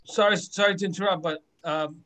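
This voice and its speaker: A man's voice: high-pitched, steady tone, fairly quick, a bit bright. A man on a video call, eager and apologetic as he cuts in to promote a friend's book. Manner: eager, apologetic interrupting, laughing.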